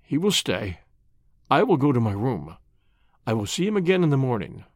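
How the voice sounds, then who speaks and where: A narrator voicing a stern, proud older father who mutters in a low, shaken voice. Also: very animated, normal speed, a little mellow, no room sound, clean studio sound. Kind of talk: reading a classic short story aloud.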